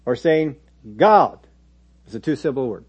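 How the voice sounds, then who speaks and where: A man with a husky, slightly high voice delivers a sermon in a plain conversational teaching manner. He breaks off now and then to mimic churchgoers in short quoted asides. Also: brisk, dark tone. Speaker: preacher.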